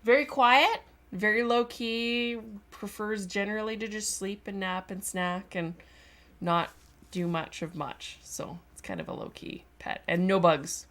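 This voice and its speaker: A Canadian woman hosts a relaxed sculpting livestream. She chats easily and reads out messages from her viewers. Her voice sits at a middle pitch for a woman. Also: a little slow. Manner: chatty, reads chat aloud, voices her lizard's thoughts. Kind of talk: casual chat while working.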